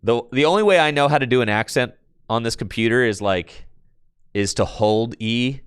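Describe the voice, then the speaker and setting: A man streaming a card game on his computer, chatting casually and excitably with his viewers in slang, with bursts of laughter. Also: mid-range voice, normal speed, clear, resonant tone, no room sound, clean studio sound. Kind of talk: casual live-stream chat while playing a card game.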